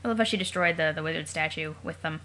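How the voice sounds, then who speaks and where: A woman with a deep, fairly bright voice talks fast while hosting a let's play. She reads a webcomic aloud in a casual way, breaking off for chatty, joking asides and questions she wonders about aloud.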